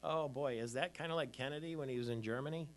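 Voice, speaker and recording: A man's voice: mid-range voice, fast talker. A man hosting a morning show, chatting casually about the news with frequent fillers. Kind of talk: casual chat and news talk.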